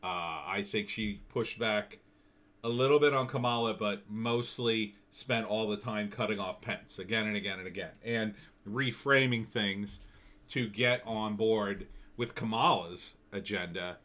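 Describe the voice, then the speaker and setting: Forceful, low-voiced opinionated male commentator. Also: a little slow. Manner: opinionated, sardonic, loose and conversational. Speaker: political commentator.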